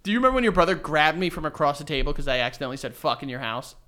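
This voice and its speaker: A man's voice: a little high, big pitch swings, very fast, bright, forceful tone. A man in his twenties co-hosting a podcast, telling stories loosely with lots of swearing and fillers. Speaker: podcast co-host. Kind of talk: casual chat.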